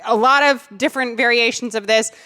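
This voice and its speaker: A woman's voice: on the high side, steady tone, fairly quick, sharp tone. A woman co-hosting a casual podcast, bubbly and chatty. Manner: bubbly, chatty, laughs often. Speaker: podcast co-host. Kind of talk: casual chat.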